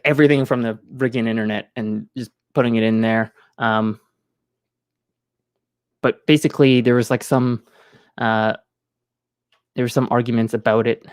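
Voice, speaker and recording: A man's voice: mid-range voice, flat delivery, moderate pace, long pauses, no echo. Man, casual streamer chat, rambling, fillers, dry close sound. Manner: rambling, many fillers and restarts.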